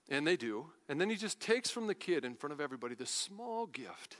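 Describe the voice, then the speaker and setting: A man preaching a sermon, retelling a Bible story in a lively, casual storytelling manner. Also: fairly high pitch, a little fast, long reverb tail. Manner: animated storytelling, paraphrases Bible figures in casual voices. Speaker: pastor.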